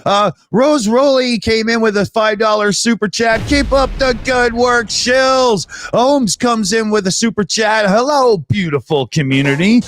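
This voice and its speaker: Lively high-voiced man reading super chats. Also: slight background noise. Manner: animated, laughs often, reads super chats aloud. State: tired, not feeling well. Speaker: host. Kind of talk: casual livestream chat.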